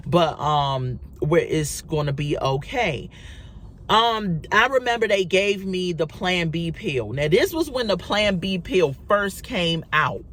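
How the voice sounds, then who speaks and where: A woman's voice: low-pitched, fairly bright tone. Woman storyteller, casual vlog delivery, conversational with fillers, in a car with faint vehicle noise. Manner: chatty, addresses viewers as y'all, many fillers. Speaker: vlogger.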